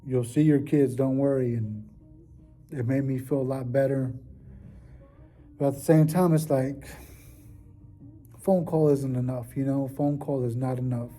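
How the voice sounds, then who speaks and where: A man's voice: mid-range voice, steady tone, a little slow, long pauses, mellow, soft background music. A man talking casually in a vlog, rambling and heartfelt, with lots of fillers. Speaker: vlogger. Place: at work.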